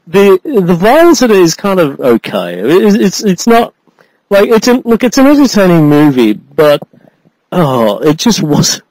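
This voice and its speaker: A man's voice: sits high, measured pace, no echo, low-quality recording. A man co-hosting a podcast, ranting in a casual chat, swearing freely and breaking into laughter. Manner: animated, swearing, laughing rant. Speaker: podcast co-host.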